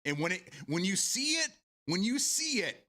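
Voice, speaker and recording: A man's voice: high-pitched, very animated, normal speed, pushed and bright. A man streaming games and chatting casually with his viewers, laughing often and swearing freely. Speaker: game streamer. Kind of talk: casual live-stream chat.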